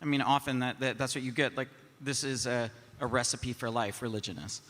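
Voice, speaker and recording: Bright-voiced man asking questions. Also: medium pitch, fairly even intonation, big-room sound. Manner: questioning, halting with restarts. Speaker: panelist.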